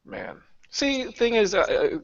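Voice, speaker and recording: A man's voice: extremely high pitch, big pitch swings, measured pace, fairly bright tone, no room sound, lo-fi sound. A man hosting a casual talk show, sarcastic and given to long run-on thoughts. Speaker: podcast host. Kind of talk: casual chat.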